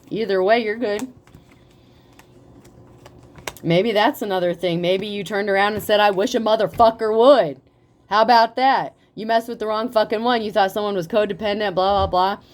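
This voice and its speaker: A woman giving a casual tarot reading, talking in a profane, animated way and laughing often. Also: mid-range voice, brisk. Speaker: tarot reader.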